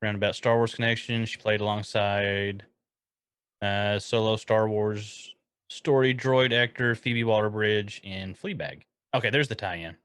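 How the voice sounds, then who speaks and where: A man with a fairly low voice trades jokes and wordplay on a casual podcast. He sounds relaxed and playful. The sound is close and dry. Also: a little slow, clear, resonant tone, dry recording. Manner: jokey, wordplay banter. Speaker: podcast co-host. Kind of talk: casual chat.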